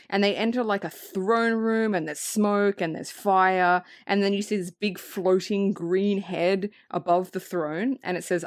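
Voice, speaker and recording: A woman co-hosting a podcast, recapping a film in casual, profane, animated chat. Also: medium pitch, unhurried, hardly any pauses, no room sound, clean studio sound. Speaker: podcast co-host.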